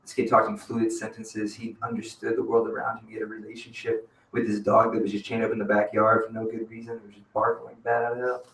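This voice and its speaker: A man's voice: lowish voice, monotone, fast, a bit bright. Rambling man, casual storyteller full of swearing and slang, mic at a distance in an echoey cafe. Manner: profane, rambling, peppered with "man" and "dude". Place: cafe open mic stage. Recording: roomy venue audio from a distance.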